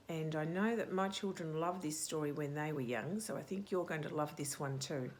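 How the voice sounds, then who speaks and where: A woman's voice: fairly low pitch, a little hiss or hum. A middle-aged woman hosting story time, reading a picture book aloud to children with dramatic whispers and playful sound effects.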